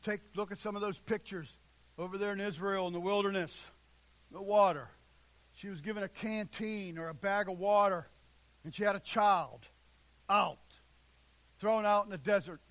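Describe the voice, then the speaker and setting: Male pastor, high bright voice, fervent sermon delivery that swings from loud to hushed. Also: normal speed, pauses often. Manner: impassioned preaching, swinging between loud and hushed. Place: church sanctuary.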